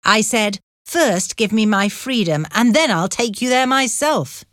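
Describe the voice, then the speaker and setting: Lady reading as a bold young guy back home, earnest, slow, dry sound. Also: fairly high pitch, expressive, fairly bright tone, no room sound, pitched above the performer's own voice. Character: young man, freed convict, bold and tender.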